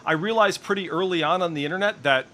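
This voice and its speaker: A man's voice: sits high, fast talker, pushed and bright. A middle-aged man streaming in casual voice chat, ranting with heavy profanity and strong opinions.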